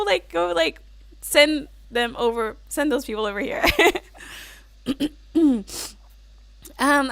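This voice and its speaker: Reading out comments from her viewers, a US livestream host giggles and chats casually, filling her speech with "like" and "um." She has a high, fairly bright voice, recorded without echo.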